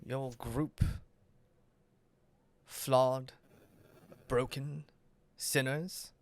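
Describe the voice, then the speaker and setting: A man voicing a calm, menacing male demon overlord in a tabletop game, speaking low, quiet and measured. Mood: coldly menacing.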